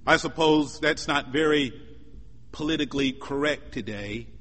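Man pastor preaching, high voice, slow and emphatic, big echoey church. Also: fairly bright tone. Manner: measured, emphatic preaching with rising repetitions. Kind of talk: sermon.

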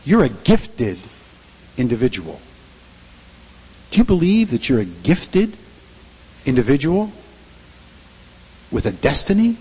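A man's voice: mid-range voice, wildly swooping pitch, takes it slowly, long pauses, darkish tone, slightly rough, in a large hall, rough recording. A male pastor preaching a sermon in a church, emphatic and full of rhetorical questions to the congregation.

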